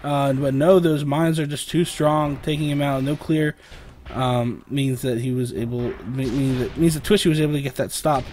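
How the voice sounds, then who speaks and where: A man's voice: medium pitch, fairly even intonation, normal speed, darkish tone. Young man, esports caster, solo play-by-play, sore throat, lots of ums, faint background noise. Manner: rambling, filler-heavy, lifts and speeds up on big plays. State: sore throat, clearing it often. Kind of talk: solo play-by-play game commentary.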